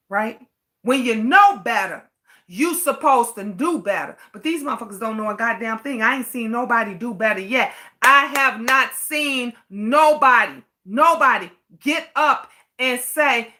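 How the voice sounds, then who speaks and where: A high, bright-toned woman vents at the camera in a slow, deliberate rant. She is furious and swears freely, hammering on the same rhetorical questions. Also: expressive. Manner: outraged, profane, repetitive rhetorical questions. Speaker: vlogger.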